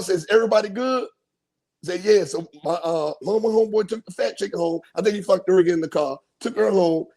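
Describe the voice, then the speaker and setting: A podcast host telling a crude, animated story in casual chat, acting out the people he quotes. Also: a little high, husky.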